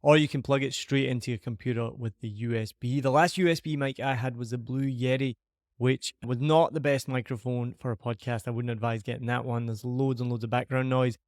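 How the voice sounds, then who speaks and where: A man's voice: medium pitch, fairly even intonation, brisk, dry recording, clean studio sound. A Scottish man hosting a podcast, chatting casually and upbeat as he reviews a microphone, recorded on a dynamic mic in a large living room. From Scotland. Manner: upbeat, chatty, self-deprecating. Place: large empty living room with shiny surfaces. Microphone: dynamic microphone on a boom arm.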